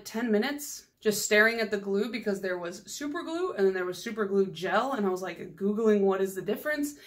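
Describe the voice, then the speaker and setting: A woman nail polish vlogger chatting casually through a haul video, rambling and giggling as she goes. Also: medium pitch.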